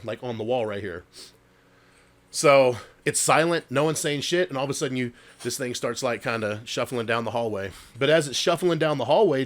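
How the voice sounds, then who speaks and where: A man's voice: mid-range voice, fairly bright tone. A man co-hosting a podcast, casually telling a ghost story full of swearing and "dude". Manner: laid-back, swears a lot, says "dude". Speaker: podcast co-host.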